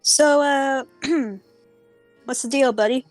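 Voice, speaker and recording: A woman voicing a brisk tavern keeper woman who is pushy and exasperated, in a tabletop game. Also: sits high, no room sound, faint music behind, voice pushed up. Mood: insistent.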